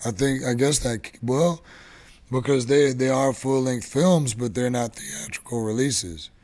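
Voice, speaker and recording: A man hosts a casual live stream in an easygoing, rambling way. He stops and restarts his sentences often. His voice sits at an ordinary middle pitch. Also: a little mellow. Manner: rambling, halting, many restarts. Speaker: show host.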